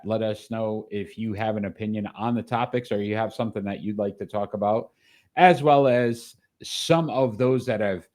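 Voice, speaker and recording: A man hosting a weekly sports talk show. His voice sits on the low side, and he delivers with upbeat, announcer-style energy. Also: a little mellow.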